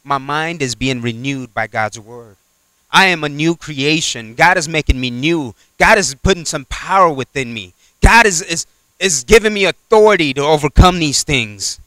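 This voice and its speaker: A man preaching a sermon, swinging from loud exhortation to quiet asides and acting out little dialogues. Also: fairly high pitch, animated, normal speed, dry recording. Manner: acts out little dialogues in character voices.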